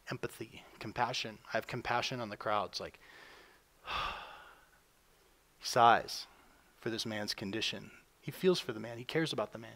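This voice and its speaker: A man's voice: mid-range voice, fairly bright tone. A man preaching a sermon in a conversational way, often acting out the people he talks about. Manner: conversational, acts out quotes with rising energy. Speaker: pastor.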